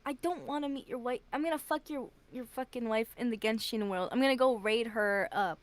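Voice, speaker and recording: A woman's voice: a little high, brisk. A woman streamer in casual banter, foul-mouthed and mocking.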